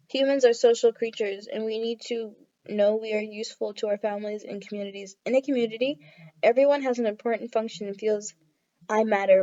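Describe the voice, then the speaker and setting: A woman's voice: medium pitch, dark tone. Chatty woman giving a tarot reading. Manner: chatty, reads card texts aloud, many fillers like "like". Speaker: tarot reader. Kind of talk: casual tarot reading to camera. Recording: dull lo-fi audio.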